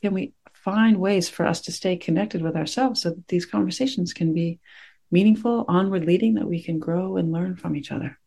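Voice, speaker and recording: Speaking to her class, this meditation teacher delivers a dharma talk with a low, creaky voice. She sounds gentle and reflective, and she frequently stops to find the right words.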